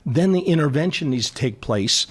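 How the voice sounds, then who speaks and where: A middle-aged man, a psychologist guest on a radio show, talking in an animated, emphatic way and repeating phrases for stress. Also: fairly high pitch, normal speed. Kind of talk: conversational radio interview.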